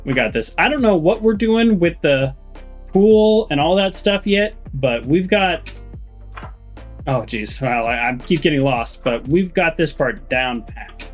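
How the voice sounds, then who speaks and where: A man's voice: fairly high pitch, expressive, a little slow, soft background music. A man commentating a game playthrough, joking and rambling, and reading the characters' lines aloud in playful voices. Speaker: let's play host.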